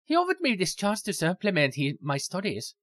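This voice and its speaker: A lilting, stereotypical Irish voice for a tomboyish young woman, as a man puts her on, its pitch swooping widely. The voice is bright and forward in tone. The recording is dry and close. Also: wildly swooping pitch, a little fast, no room sound, full character voice. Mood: chatty. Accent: stereotypical Irish put-on. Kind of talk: reading game dialogue aloud.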